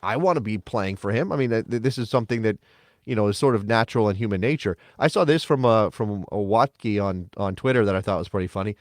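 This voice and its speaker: A man co-hosting a casual sports podcast, talking in an animated, emphatic and sarcastic way. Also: fairly low pitch, fast talker, no room sound, clean studio sound. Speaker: podcast co-host.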